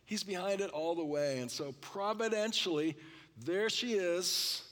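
A man's voice: high-pitched, measured pace, fairly bright tone. Man preaching in a reverberant hall. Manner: expository preaching with congregation call-and-response; frequent throat clearing. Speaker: pastor. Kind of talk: sermon.

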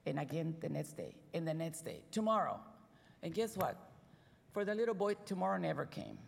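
A middle-aged woman, a Sabbath school teacher, telling earnest stories to a congregation with halting restarts. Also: low voice, big pitch swings, creaky, darkish tone, breathy edge. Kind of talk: sermon-style storytelling. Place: church hall. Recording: long reverb in a church hall.

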